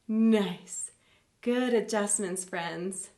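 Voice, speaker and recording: A woman with a fairly high voice guides a children's yoga class at an unhurried pace. She is gentle and encouraging, with a playful touch. Her voice rings in a roomy space, picked up on a home webcam. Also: lively intonation. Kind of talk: live online yoga class instruction.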